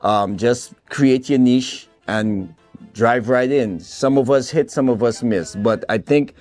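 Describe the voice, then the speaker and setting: A man's voice: mid-range voice, takes it slowly, a little mellow, no room sound, soft background music. A man in his fifties from Trinidad with a Trinidadian accent touched by an American twang, chatting as a soca artist guest in an upbeat, boastful way. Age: 50s. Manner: upbeat and boastful, laughs easily. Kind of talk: casual interview chat.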